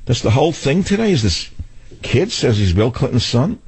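A man's voice: mid-range voice, sing-song, normal speed, darkish tone, husky, no echo. An older man hosting a political radio talk show, ranting sarcastically in a long monologue. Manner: ranting, sarcastic, mocking mimicry.

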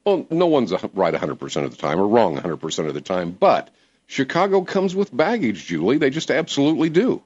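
A man hosting a talk radio show, giving emphatic, animated commentary. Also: mid-range voice, brisk. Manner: animated, emphatic, laughs easily. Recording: dull lo-fi radio broadcast.

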